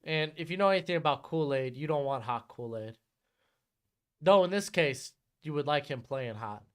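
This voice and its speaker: A man's voice: a little high, animated, moderate pace, fairly bright tone, clean tone. A man live-streaming a football watch-along, chatting casually and jumping between calls on the plays and replies to his chat.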